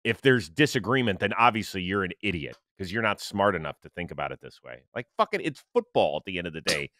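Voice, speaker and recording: A lively man hosting a football podcast, his bright voice swinging up and down as he rants. He talks casually and swears freely. The sound is close and dry. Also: low-pitched, no echo. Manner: animated, profane, quick to rant. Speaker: podcast host. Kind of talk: casual sports chat.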